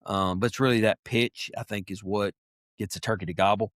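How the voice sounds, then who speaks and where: Animated man telling hunting stories. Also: on the low side, brisk, no room sound, studio quality. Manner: animated storyteller, imitates owl calls. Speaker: podcast guest, wildlife biologist. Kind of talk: casual interview chat.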